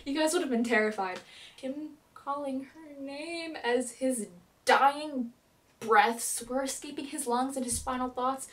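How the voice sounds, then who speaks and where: Young female fan vlogger, dramatic and gushing, high voice, a little distant from the mic. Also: a little slow. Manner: gushing, breathless and dramatic, with laughs and swings in loudness. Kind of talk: excited TV episode recap.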